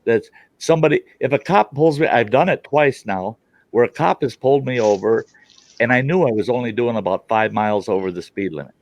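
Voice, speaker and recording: A man's voice: mid-range voice, fairly quick, darkish tone, no room sound, highs cut off. A man ranting bluntly in a casual group chat, acting out dialogue as he goes. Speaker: call participant.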